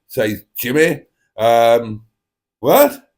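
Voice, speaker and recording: A man hosts a live stream from his dining table at home, speaking into a desk microphone at a middling pitch. He rambles along, mocking himself with theatrical flourishes as he chats to his viewers. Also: expressive, measured pace, a little mellow. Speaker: livestream host. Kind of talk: casual live stream chat.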